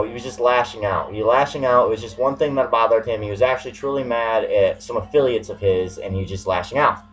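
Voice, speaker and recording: A man's voice: mid-range voice, fairly bright tone, poor audio. A young man ranting profanely into the camera in a vlog, swearing heavily and switching between anger and praise for a friend. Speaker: vlogger.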